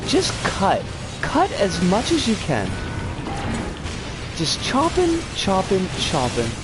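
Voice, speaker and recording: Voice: medium pitch, huge pitch swings, slow pace. A streamer giving live gameplay commentary, swearing in exasperated outbursts. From United States. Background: game music.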